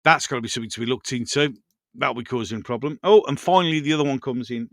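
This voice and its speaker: A man's voice: mid-range voice, fast talker, fairly bright tone, no echo, clean studio sound. A man hosting a casual live stream, rambling through viewer comments and chatting to his pets.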